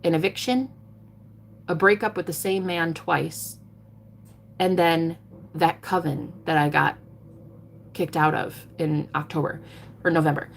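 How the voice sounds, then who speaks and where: A woman's voice: low voice, fairly even intonation, a little slow, gravelly, long pauses, a little hiss or hum. A woman talking casually on a livestream as a tarot reader, blunt and emphatic, swearing freely and preaching self-empowerment. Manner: preachy, motivational.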